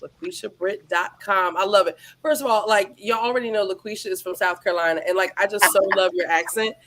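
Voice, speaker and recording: A woman hosting a lively live-stream author chat, bubbly and playful. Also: medium pitch, fast. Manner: lively, animated, playful Southern-style banter. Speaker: host.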